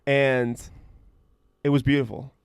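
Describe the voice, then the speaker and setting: A man's voice: mid-range voice, flat delivery, slow, clean tone, dry recording, studio quality. A young man co-hosting a podcast, telling stories in a rambling, profane way full of "like" fillers. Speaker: podcast co-host. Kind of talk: casual chat.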